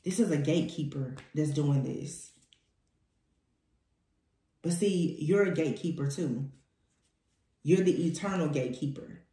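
A woman's voice: deep voice, a little slow, pauses often, dark tone. A woman giving a spoken tarot reading, emphatic and repeating her key phrases for weight. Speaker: tarot reader. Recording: echoey room.

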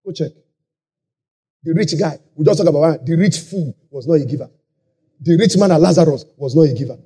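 A man with a Nigerian accent preaching a sermon, shouting key lines and lapsing into a sing-song cadence. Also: a little high, brisk, husky. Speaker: pastor. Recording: live conference hall.

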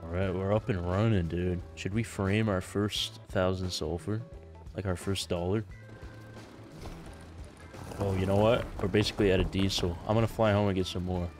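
A young man chatting casually while gaming, laid-back and quick to laugh. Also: deep voice, fairly even intonation, darkish tone, soft background music. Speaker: gamer.

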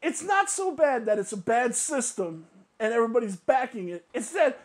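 A woman's voice: a little high, lively intonation, moderate pace. Exasperated woman ranting on her vlog. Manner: exasperated, swearing, laughs between jabs; repeats phrases for emphasis. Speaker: YouTube channel host.

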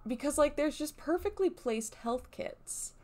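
A woman's voice: high-pitched, lively intonation, unhurried, dark tone. A young adult woman commentating her video game playthrough in a casual way, tossing out wry, sarcastic quips at the game. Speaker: let's play gamer.

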